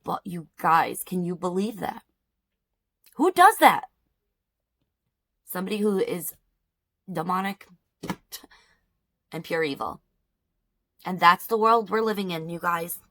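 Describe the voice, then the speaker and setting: A woman's voice: fairly low pitch, fairly bright tone. A woman in her thirties vlogging at home, telling an upsetting story in an outraged, emphatic way while doing her makeup and repeating herself for effect. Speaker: beauty vlogger. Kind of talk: emotional storytime rant during makeup routine.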